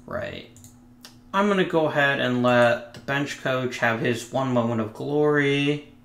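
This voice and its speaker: Man, let's play host, casual game commentary, wry muttered asides, mid pitch, echoey room. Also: very animated, a little slow, vocal fry, a bit bright.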